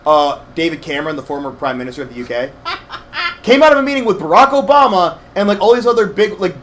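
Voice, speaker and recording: A young man co-hosting a game playthrough, rambling through animated stories with lots of fillers. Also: high-pitched, fast. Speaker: let's play co-host. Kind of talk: casual gaming chat.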